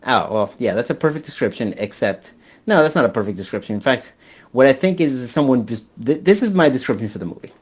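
A man co-hosting a podcast, chatting casually about movies with crude jokes and deadpan teasing. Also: medium pitch, fast talker. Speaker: podcast co-host. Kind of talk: casual chat, movie review.

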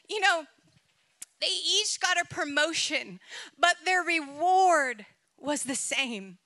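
A woman preaching a sermon, telling a personal story in an animated, emotional way and laughing often. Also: very high voice, a little slow, no room sound.

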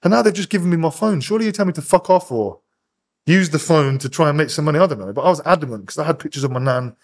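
Podcast guest, English male, quick animated storyteller, a touch high-pitched. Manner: swears constantly, rapid animated storytelling, acts out voices. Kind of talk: casual storytelling interview.

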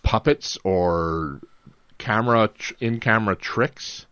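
A man with a very low voice talks through a film in a casual podcast chat. He rambles and often restarts his sentences. The sound is dull and lo-fi, and quite dry. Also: slow pace, a bit bright, no echo. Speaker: podcast co-host.

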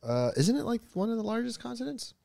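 Young man, wildly swinging pitch, teasing. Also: big pitch swings, fast, creaky, dark tone. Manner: playful teasing, bursts of laughter. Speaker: podcast host. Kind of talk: casual chat.

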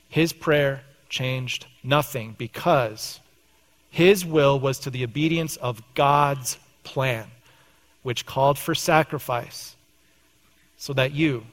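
A man's voice: medium pitch, a bit bright, in a large hall. A man in his thirties preaching a sermon, telling a family story in a conversational, self-deprecating way before drawing the lesson. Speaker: pastor. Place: church sanctuary.

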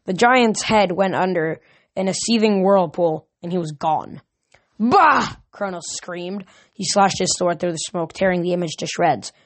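A woman's voice: on the low side, moderate pace. A woman reading a novel aloud, now and then stumbling and restarting a word. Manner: reads with small slips and restarts. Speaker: audiobook reader.

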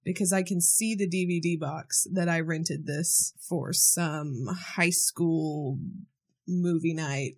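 A woman's voice: low voice, steady tone, slow, slightly rough. A woman co-hosting a casual podcast, reading news items aloud and adding wry asides between laughs. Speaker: podcast co-host.

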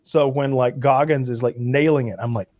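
A man talks in a loose, rambling way, stacking fillers and false starts as his enthusiasm builds. His pitch sits mid-range, and the sound is dry and close to the mic, with no room echo. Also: steady tone, normal speed, darkish tone. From Kentucky. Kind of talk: casual chat.

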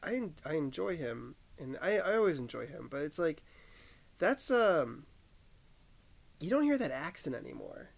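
A man's voice: a little high, huge pitch swings, normal speed, vocal fry. A man co-hosting a podcast in casual chat, laid-back and often trailing off with a laugh. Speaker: podcast co-host.

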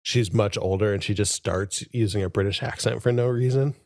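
A man's voice: lowish voice, fairly even intonation, brisk, darkish tone, no room sound, clean studio sound. A man co-hosting a podcast, chatting casually and enthusiastically, laughing often and using lots of fillers. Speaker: podcast co-host. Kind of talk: casual chat.

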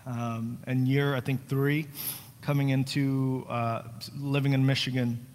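A young male pastor from New Jersey preaches in a relaxed, conversational way, breaking into light jokes before turning earnest and pleading. His mid-pitched voice rings out with a long reverb tail from a church hall. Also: unhurried. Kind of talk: sermon. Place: church sanctuary.

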